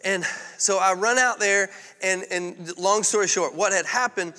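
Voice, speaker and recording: A man's voice: high-pitched, measured pace, pushed and bright, long reverb tail. A male pastor preaching a sermon in a candid, conversational storytelling way.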